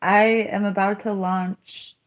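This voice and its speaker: A woman chats on her livestream in a slow, easygoing drawl. She rambles through a story, laughs often, and stops to answer her viewers' comments. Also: mid-range voice, little pitch movement. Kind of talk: casual livestream chat.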